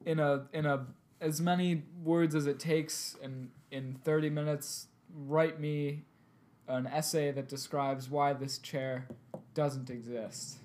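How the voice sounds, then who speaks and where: A young man co-hosting a podcast, telling an animated story with lots of laughter and loud outbursts. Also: a little high, takes it slowly, slight background noise. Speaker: podcast co-host. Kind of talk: casual chat, storytelling.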